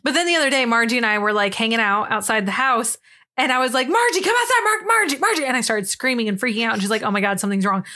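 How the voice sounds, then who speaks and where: A woman's voice: a little high, very fast, pushed and bright. A young woman co-hosting a podcast in casual chat, rambling and giggly, swearing freely. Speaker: podcast co-host.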